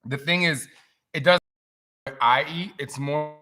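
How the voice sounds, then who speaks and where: Man, forties, live-stream host, bright tone, animated, emotional storytelling. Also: on the high side, measured pace, soft background music. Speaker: fitness trainer hosting a live stream. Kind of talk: casual live-stream chat.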